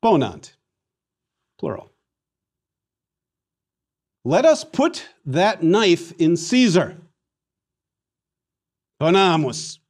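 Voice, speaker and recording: A man giving a recorded Latin lesson, an animated, theatrical teacher who leads the class through repetition drills. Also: on the high side, extremely slow, long pauses.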